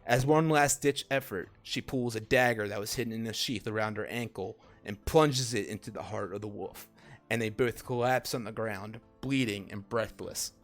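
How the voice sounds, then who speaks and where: A man's voice: on the low side, moderate pace, soft background music. A man narrating a tabletop fantasy game as game master, with fillers in between.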